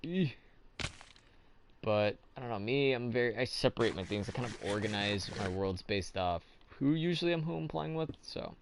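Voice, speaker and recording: A man's voice: on the low side, a little fast, creaky, few pauses, slight background noise. A young man hosting a casual gameplay commentary, rambling and asking himself questions as he plays. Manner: rambling, thinks aloud, self-questioning. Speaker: let's play host.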